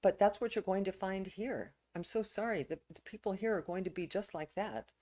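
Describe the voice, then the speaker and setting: Sweet old village elder guy, soft and welcoming, woman doing the voice. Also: medium pitch, fairly quick, pitched above the performer's own voice, close to an everyday voice. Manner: gentle, welcoming.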